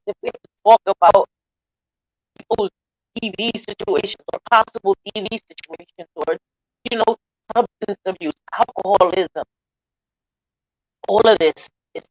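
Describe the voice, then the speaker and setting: A woman vlogger speaking to her channel in an earnest, defensive way, shifting from soft pleading to blunt defiance, sounding emotional and near tears. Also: mid-range voice, no room sound, lo-fi sound. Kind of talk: emotional livestream apology.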